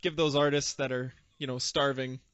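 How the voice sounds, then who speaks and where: A man's voice: mid-range voice, little pitch movement, normal speed, a bit bright, smooth, dry recording. A man hosting a podcast in casual chat, with dry jokes. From Canada. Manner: dry, joking. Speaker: podcast host. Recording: dull dry podcast audio.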